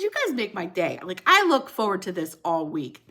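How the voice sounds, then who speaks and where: A woman's voice: fairly low pitch, huge pitch swings, normal speed, pushed and bright. A middle-aged woman hosting a casual livestream, chatting and laughing as she reacts to viewer comments.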